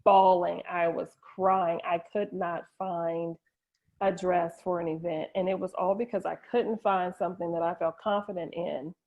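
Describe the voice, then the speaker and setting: Woman, middle-aged, gravelly voice, candid and personal, dull lo-fi audio. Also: fairly low pitch, fairly even intonation, normal speed. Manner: emotional, personal storytelling with frequent restarts. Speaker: guest. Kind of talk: candid conversational interview.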